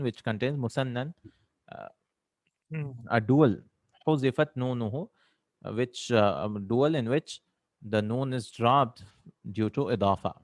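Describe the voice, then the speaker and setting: A man's voice: on the low side, dry recording, studio quality. A man teaching an Arabic grammar lesson, explaining terms step by step and often checking with "right?".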